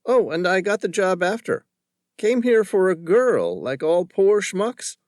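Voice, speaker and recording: A male narrator voicing a cocky young lawyer with a Southern accent, smooth-talking and smug. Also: high-pitched, big pitch swings, unhurried, dry recording, studio quality, pitched above the performer's own voice. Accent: American Southern.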